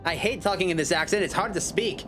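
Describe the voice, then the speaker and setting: A man's voice: sits high, quick pace, over music, close to an everyday voice. A man voicing an eager, bumbling police sidekick in a game, in a put-on accent, stumbling over words.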